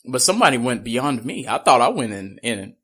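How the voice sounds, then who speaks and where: A man co-hosting a casual podcast, talking in an animated way, laughing often and slipping into goofy impressions. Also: medium pitch, a little fast, breathy edge. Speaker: podcast co-host.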